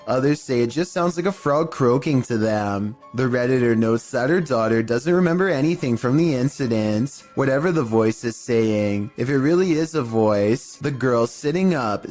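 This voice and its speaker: A man giving scripted narration of eerie video clips in a measured, even storytelling delivery. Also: medium pitch. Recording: faint music bed under voice.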